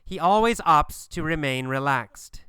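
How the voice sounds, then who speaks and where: Male English teacher, bright and crisp, slightly higher pitched, deliberate and repetitive. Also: expressive, dry recording, studio quality. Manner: slow, emphatic, repeats phrases for learners. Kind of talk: scripted language lesson.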